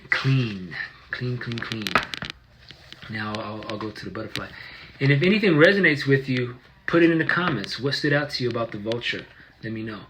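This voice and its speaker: A man of ordinary mid-range pitch leads a casual livestream lesson in an easygoing, affectionate way. His phrases often trail off softly, and he restarts his sentences with small hesitations. A faint noise and some clicks sit under his voice. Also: expressive, quick pace. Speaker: qigong teacher.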